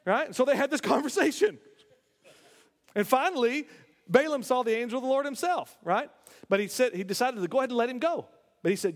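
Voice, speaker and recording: A man's voice: very high voice, lively intonation, a little fast, long reverb tail. A man preaching a sermon, retelling a scripture story with acted-out voices and frequent self-corrections. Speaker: pastor.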